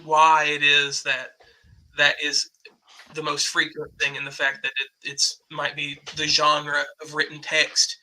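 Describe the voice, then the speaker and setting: A man speaking as a student in a live online lesson, halting and pausing with many fillers. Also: on the high side, monotone, bright, forceful tone, a little hiss or hum, poor audio.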